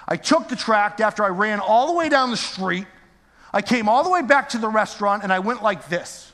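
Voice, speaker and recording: A male preacher with a high, bright voice delivers a storytelling sermon. He drops into quiet asides and then climbs back up to near-shouting. The sound carries the long echo of a large church hall. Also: expressive, normal speed.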